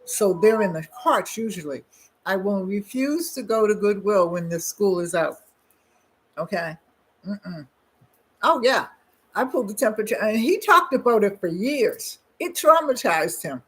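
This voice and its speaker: An older woman chats casually to her viewers, wandering from story to story with lots of asides and restarts. Her voice is husky and sits at a middling pitch. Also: lively intonation, unhurried. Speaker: channel host. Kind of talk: casual chat.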